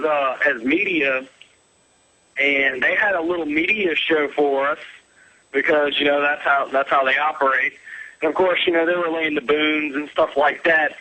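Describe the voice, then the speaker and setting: A man's voice: a little high, sharp tone, rough recording. A man calling into a radio show, speaking casually and rambling a little. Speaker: caller. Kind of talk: phone call-in.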